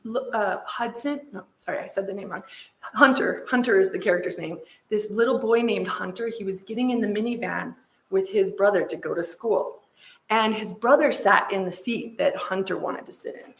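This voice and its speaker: A woman's voice: mid-range voice, moderate pace, echoey room. A middle-aged American woman presenting a seminar, telling a personal story and checking in with "right?". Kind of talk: lecture with personal anecdote.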